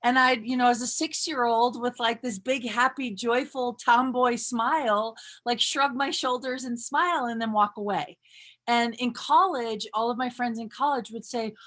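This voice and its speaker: A woman's voice: fairly high pitch, moderate pace. A woman in her thirties talking casually and with bubbly energy as a workshop leader, with lots of fillers. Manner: bubbly, animated, frequent fillers. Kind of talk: casual live-stream talk.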